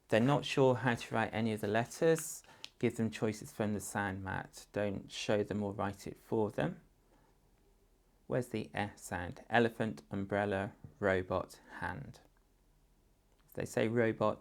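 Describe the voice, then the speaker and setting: Low gravelly male teacher. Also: fairly even intonation. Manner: slow, patient, demonstrates sentences and sounds in different voices. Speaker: primary school teacher. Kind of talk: instructional talk to parents.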